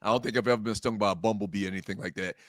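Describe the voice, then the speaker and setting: A man, hosting a casual talk show and telling lively stories in which he acts out the sounds. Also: lowish voice, racing, dry recording. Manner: animated storyteller, acts out sounds. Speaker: host.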